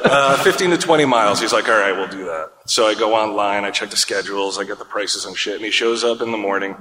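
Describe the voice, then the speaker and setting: A man's voice: on the low side, quick pace, bright, forceful tone. A man co-hosting a podcast, telling a long, rambling, profane story in casual chat and laughing along the way. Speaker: podcast co-host. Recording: echoey room with long reverb.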